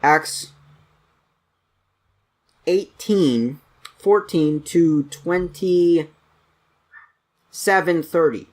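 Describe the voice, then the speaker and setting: A man reading dictionary entries aloud at a brisk pace, stumbling now and then and correcting himself. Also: fairly high pitch, a little mellow. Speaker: channel host reading aloud.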